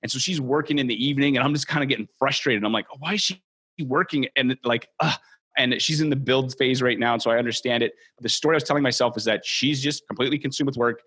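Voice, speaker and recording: A man's voice: medium pitch, steady tone, quick pace, a bit bright, slightly rough. A man hosting a training podcast, speaking earnestly and encouragingly to his listeners as a mortgage brokerage trainer. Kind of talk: motivational training talk.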